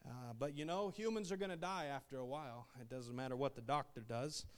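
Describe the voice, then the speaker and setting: A man's voice: mid-range voice, brisk, smooth. Folksy male preacher calling "Amen". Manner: folksy, many "uh" fillers, rising to loud "Amen" calls. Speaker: missionary preacher. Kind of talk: sermon.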